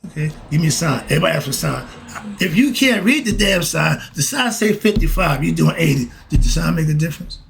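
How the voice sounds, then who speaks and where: This middle-aged podcast host has a slightly high, gravelly, somewhat bright voice and talks quickly and animatedly, with a little hiss or hum on the recording. In a casual spiritual monologue, he preaches straight at the listener, asking and answering his own questions and saying "why?" and "okay?" again and again.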